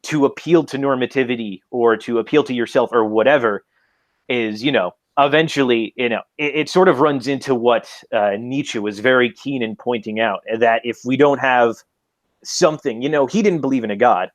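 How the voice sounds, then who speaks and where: A man's voice: mid-range voice, moderate pace, no echo. Hesitant male guest searching for words. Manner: hesitant, searching, many fillers. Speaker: debate guest. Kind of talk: casual debate chat.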